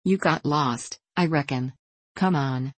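Gruff old rancher with a folksy drawl, low and dry; a woman reads the part. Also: slow pace, dry recording.

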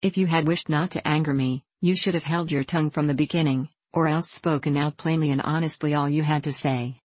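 A woman reading a stern young man in an audiobook, clipped and impatient in every line. The voice is low and dry, close to the mic. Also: fairly even intonation, fairly quick, no echo. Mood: curt. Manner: curt, sharp reading.

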